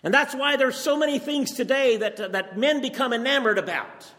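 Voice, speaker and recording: A man's voice: very high voice, fairly quick, fairly bright tone. An older man preaching a sermon, earnest and emphatic, firing off rhetorical questions. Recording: long reverb from a hall.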